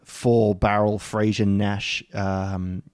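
Male co-host, rambling and halting, casual swearing, dead-dry recording. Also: on the low side, level tone, darkish tone, smooth, dry recording. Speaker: podcast co-host. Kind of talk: casual chat over beers.

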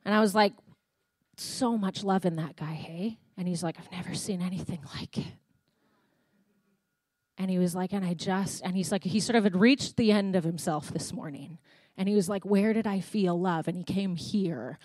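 A woman with a Canadian accent preaches a sermon in a church, telling stories in a chatty way and acting out conversations. Her voice is fairly low in pitch and darkish in tone, delivered at a moderate pace with no echo.

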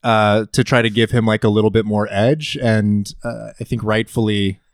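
A man as podcast guest, discussing actors and a film in a measured, thoughtful way. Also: fairly low pitch, flat delivery, dry recording, clean studio sound.

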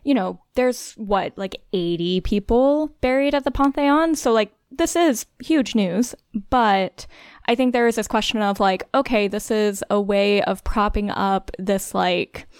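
A woman co-hosting a podcast. Her voice is smooth and clear, and the close recording is dry. She explains things in a chatty way, full of casual fillers. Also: medium pitch, a little slow, no room sound. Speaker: podcast co-host. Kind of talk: conversational podcast discussion.

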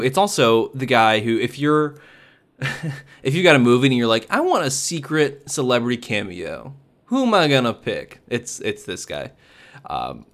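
A man's voice: medium pitch, fairly bright tone. A man casually recapping a movie in a chatty, rambling way, full of fillers and restarts. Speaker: movie reviewer. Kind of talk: casual spoken review.

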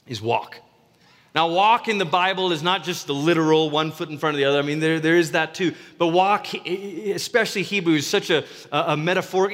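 A man's voice: fairly high pitch, a bit bright. A man preaching a sermon as a pastor, earnest and conversational, often restarting his words. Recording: reverberant hall.

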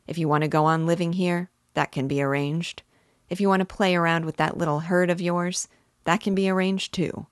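A woman reading the part of a smooth, persuasive, scheming cattle rancher from a novel read aloud. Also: lowish voice, fairly even intonation, brisk, no room sound, studio quality, lightly acted.

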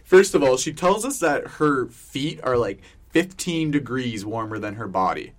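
A man's voice: mid-range voice, animated, unhurried. A young man co-hosting a casual sports podcast, telling rambling stories full of fillers and laughing often. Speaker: podcast co-host. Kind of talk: casual chat.

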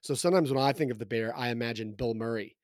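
A man's voice: medium pitch, fast, a little mellow, dry recording. Man in a dry, casual book chat. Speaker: co-host.

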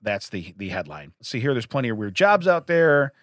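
Male co-host, joking, animated pitch, dry close sound. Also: moderate pace, dry recording. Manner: jokey, reads news stories aloud with asides. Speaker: podcast co-host. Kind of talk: casual chat.

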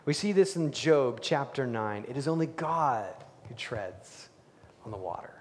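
A male pastor preaching a sermon, animated, swinging between loud emphasis and hushed, near-whispered lines. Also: medium pitch, a little slow, long reverb tail.

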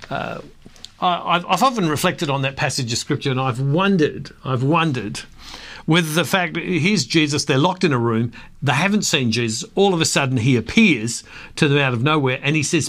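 A man's voice: on the high side, lively intonation, normal speed, fairly bright tone. A man hosting a devotional talk, reading scripture aloud and reflecting on it. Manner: reflective, reads scripture aloud with rising emphasis. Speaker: ministry host.

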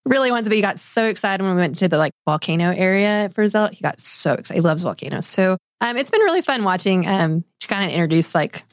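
A woman's voice: mid-range voice, expressive, fast talker, no echo, clean studio sound. Easygoing female podcast co-host. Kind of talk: casual podcast chat. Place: studio.

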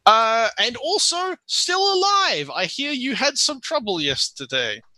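A man's voice: extremely high pitch, big pitch swings, sharp tone, dry recording, voice pushed up, full character voice. A man doing a polite, flustered male official. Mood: welcoming. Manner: polite, halting, formal phrasing.

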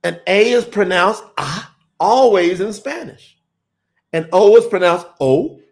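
A man with a high, darkish-toned voice hosts a livestream, teaching on scripture and reading out viewer comments. He speaks unhurriedly with lively intonation, in an emphatic, insistent way, and laughs often.

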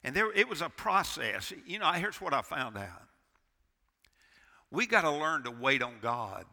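A man in his sixties preaching with fervor from the pulpit. His voice is bright and forceful with a gravelly edge, and swings from loud to hushed. Long church reverb trails every word. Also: on the high side, sing-song, unhurried. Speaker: pastor. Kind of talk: sermon. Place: church sanctuary.

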